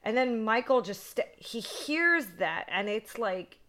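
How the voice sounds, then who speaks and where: A woman co-hosts a horror podcast and walks through a movie in loose, excitable chat. Her voice is bright and forward, and she swears freely and leans on "like" as she goes. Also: fairly high pitch, unhurried. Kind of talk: casual movie recap chat.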